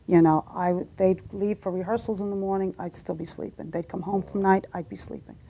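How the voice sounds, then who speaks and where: A woman's voice: mid-range voice, steady tone, brisk, creaky, warm tone, a little hiss or hum. A middle-aged woman, a singer, telling stories in a casual interview chat and acting out the voices in her anecdotes. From United States. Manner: chatty storyteller, acts out voices in anecdotes. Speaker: singer and guest.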